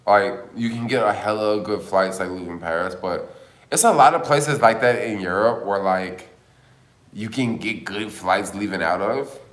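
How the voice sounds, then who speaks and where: A man's voice: lowish voice, moderate pace, fairly bright tone, roomy sound. A man hosting a casual livestream, chatting and rambling with lots of filler words. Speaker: livestream host.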